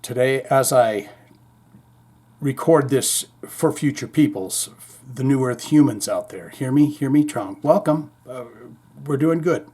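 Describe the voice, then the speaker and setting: A man's voice: medium pitch, measured pace, warm tone, breathy edge. A man hosting a heavy metal news podcast, rambling through the stories with irreverent, profane asides. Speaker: podcast host.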